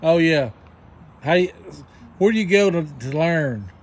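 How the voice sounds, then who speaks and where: A man's voice: on the high side, animated, slow pace, noisy background. A man in casual chat who asks questions and repeats the answers back. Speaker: interviewer.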